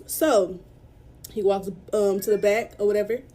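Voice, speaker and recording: A young woman from Dallas, Texas, tells a story to her phone camera as a vlogger, upset, irritated, and close to tears. Her mid-range voice has a dark tone and fairly even intonation, at a measured pace.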